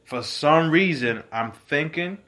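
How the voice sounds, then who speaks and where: A man co-hosting a casual podcast, talking in a chatty, excited way while drinking shots. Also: fairly high pitch, takes it slowly. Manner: excited, chatty wrestling fan talk. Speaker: podcast co-host. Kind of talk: casual chat.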